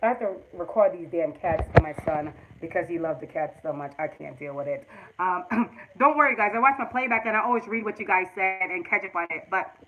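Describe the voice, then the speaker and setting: A woman's voice: on the low side, animated, brisk, lo-fi sound, a little hiss or hum. A middle-aged woman hosting a casual livestream, earnestly giving relationship advice straight to her viewers. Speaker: livestream host.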